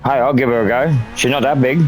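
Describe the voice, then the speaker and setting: Australian male gamer, young, crude running commentary, swears a lot, mid-pitched. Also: fairly even intonation, fast talker, a little hiss or hum. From Northern Territory, Australia. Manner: crude, swears freely, rambling asides. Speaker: gaming streamer. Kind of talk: casual gameplay commentary.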